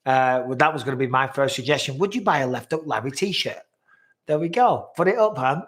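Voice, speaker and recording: A man's voice: mid-range voice, lively intonation, brisk, a bit bright. A man with a northwest English accent hosting a casual live chat, reading out viewers' comments in a joking, blunt way and swearing freely. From northwest England.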